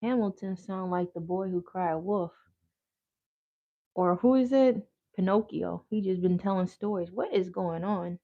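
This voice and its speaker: Woman host, gravelly creaky voice, slangy rambling livestream chatter, dull lo-fi sound. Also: fairly low pitch, measured pace, warm tone. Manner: slangy, rambling, talks back to chat. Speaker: yoga therapist and crafter, livestream host. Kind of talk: casual livestream chat while crafting.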